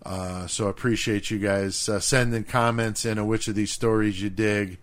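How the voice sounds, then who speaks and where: Profane, animated middle-aged man telling stories. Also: fairly low pitch, normal speed. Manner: animated, profane, laughing storyteller. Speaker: podcast co-host. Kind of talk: casual storytelling chat.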